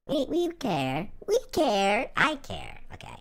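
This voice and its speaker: A man streaming and reacting live in a joking, rambling way, his voice run through a chipmunk pitch-raising filter. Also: huge pitch swings, takes it slowly, creaky. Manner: playful, joking, rambling with restarts. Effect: pitch-raised chipmunk voice filter.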